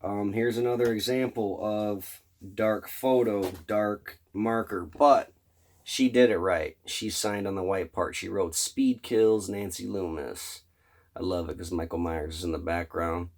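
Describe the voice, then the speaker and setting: A man with a lowish voice tells a long, rambling story straight to camera. He swears constantly and sounds enthusiastic and loose, like he is chatting with regular viewers. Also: a little slow. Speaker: vlogger. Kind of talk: casual storytelling about a fan convention.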